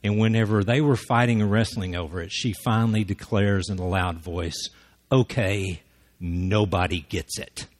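Male guest speaker, low-pitched and folksy, tells anecdotes and acts out the quoted voices. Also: a little fast, hardly any pauses. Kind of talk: storytelling talk to a church audience.

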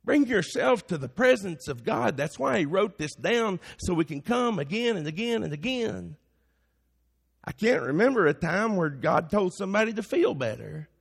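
Preaching man with gravelly voice, echoing hall. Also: sits high, sing-song, moderate pace. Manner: preaching, rising to emphatic peaks. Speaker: pastor. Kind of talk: sermon. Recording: long hall reverb.

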